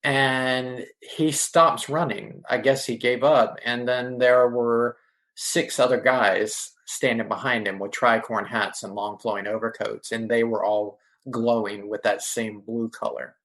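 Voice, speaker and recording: A man who is a podcast guest, telling a vivid first-person story in a casual interview and filling pauses with "you know". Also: mid-range voice, steady tone, fairly bright tone. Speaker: podcast guest, ghost tour guide.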